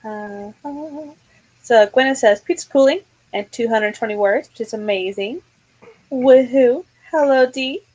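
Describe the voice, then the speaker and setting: A woman's voice: on the high side, normal speed, darkish tone, rough recording. A woman hosting a casual livestream, chatting and reading viewers' comments aloud in a playful, mock-dramatic way. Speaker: livestream host.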